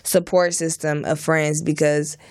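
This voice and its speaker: A woman's voice: sits low, flat delivery, measured pace, a little mellow, no echo. A young woman co-hosting a podcast, chatty and leaning heavily on "like.". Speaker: podcast co-host. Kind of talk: casual podcast chat.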